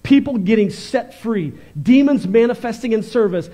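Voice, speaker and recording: Male pastor, sermon, very high voice, fervent and animated, volume swings. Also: normal speed.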